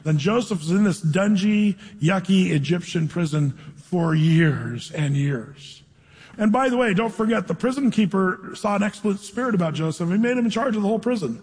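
A man preaching a sermon, reading scripture slowly and dramatically, then retelling the story in a casual, storytelling way. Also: sits high, animated, darkish tone, breathy edge. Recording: long reverb of a large hall.

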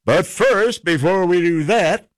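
A man's voice: high voice, slow pace, no room sound, studio quality. A man hosting a casual radio morning show, joking and rambling while he has the hiccups. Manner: jokey, rambling, animated.

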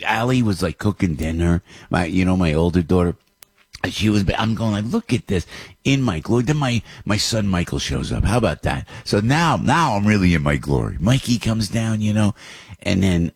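Husky, animated middle-aged guy. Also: deep voice, no room sound. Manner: emotional, rambling, repeats himself, chuckles often. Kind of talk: casual storytelling monologue.

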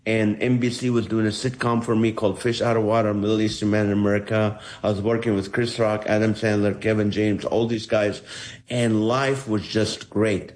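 A middle-aged man from the Holy Land, a comedian telling stories in an interview, acting out each quoted voice with energy. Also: lowish voice. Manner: animated, acts out the quoted voices. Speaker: comedian guest. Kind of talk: storytelling in an interview.

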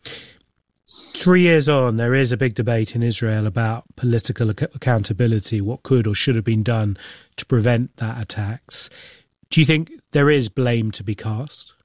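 A man presenting a radio news programme, introducing a guest and asking questions in a measured, formal way. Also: medium pitch, a little mellow, no room sound, studio quality. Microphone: studio mic.

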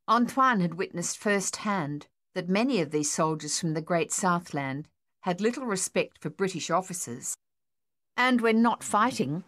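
This is scripted audiobook narration of a novel by a woman with a medium-pitched voice. She keeps her delivery steady and measured, like a storyteller.

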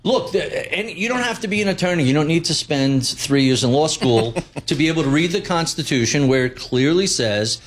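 A man's voice: fairly high pitch, expressive, normal speed, few pauses. A man speaking as a guest on a live financial show, blunt and opinionated with wry asides. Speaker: guest investment commentator. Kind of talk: live financial talk interview.

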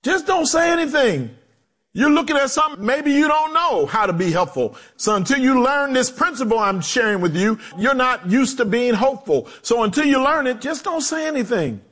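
A male pastor preaching a sermon, animated, acting out quotes in low voices and joking with the congregation. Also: moderate pace. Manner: animated preaching with swooping pitch and dramatic drops.

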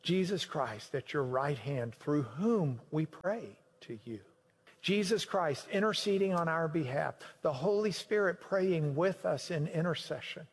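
Slow animated male preacher in a hall. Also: husky. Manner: animated, swinging from loud emphasis to low quiet. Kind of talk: sermon. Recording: long hall reverb.

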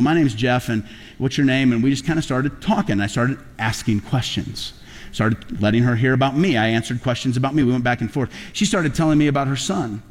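A man preaching a sermon as a pastor, talking conversationally and rising to loud, emphatic peaks. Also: mid-range voice. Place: large church auditorium. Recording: long hall reverb.

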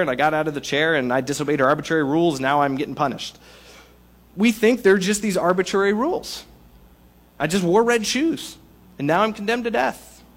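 A man preaching a sermon to a congregation, in a conversational, animated way with playful asides. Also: a little high. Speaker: pastor.

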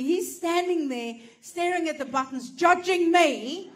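A woman telling a stand-up comedy story, swearing freely and breaking into loud, animated bursts. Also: extremely high pitch, a little slow. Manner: animated, profane, bursts into shouting.

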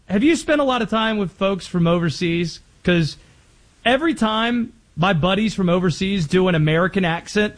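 A man hosting sports talk radio, energetic and opinionated, talking in quick bursts. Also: high-pitched.

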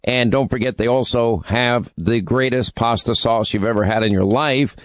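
A man's voice: mid-range voice, normal speed, dry recording. A man hosting a radio talk show, rambling conversationally through ad reads and news, with fillers and restarts.

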